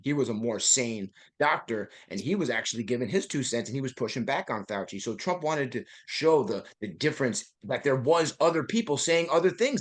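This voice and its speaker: A man in a heated podcast chat, talking in an emphatic, profane way and often asking "right?". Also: medium pitch. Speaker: podcast guest.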